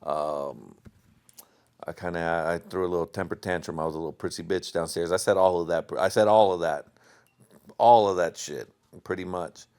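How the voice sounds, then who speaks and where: A slightly low-voiced man rambles through a casual podcast monologue, cursing freely and breaking into laughter. He sounds a little tipsy, loose and unfiltered as he talks straight to his listeners. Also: steady tone, normal speed, darkish tone, smooth. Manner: profane, rambling storyteller with bursts of laughter. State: tipsy from drinking. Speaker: podcast host.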